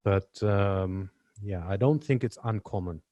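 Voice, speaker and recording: A man hosting an interview, asking long questions in a halting way as he searches for words. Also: fairly low pitch, dark tone, no echo, dull audio. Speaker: podcast host, interviewer.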